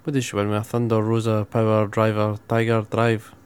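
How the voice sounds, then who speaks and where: A man's voice: fairly low pitch, completely flat delivery, fairly quick, smooth. A man with a Scottish accent co-hosting a casual wrestling podcast, giving dry, wry asides. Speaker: podcast co-host. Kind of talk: casual wrestling recap chat.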